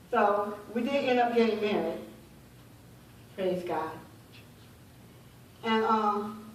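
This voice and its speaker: Middle-aged woman in a very echoey hall. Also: mid-range voice. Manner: heartfelt, halting, with repeated phrases. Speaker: conference speaker, prophetess. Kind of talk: personal testimony. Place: large hall at a women's conference. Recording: echoey hall, voice from far off, faint hiss.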